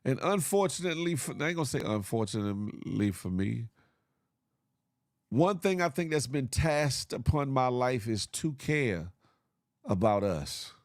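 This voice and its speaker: A man's voice: mid-range voice, sing-song, a little slow, no room sound, studio quality. Preachy man ranting on a morning show. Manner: preachy, repetitive, motivational ranting with slang and laughs. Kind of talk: casual livestream monologue.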